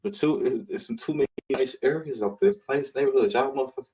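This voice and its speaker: A man's voice: mid-range voice, quick pace, dark tone, poor audio. Blunt, profane man riffing on a live show. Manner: blunt, mocking, swearing freely. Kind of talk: profane casual commentary.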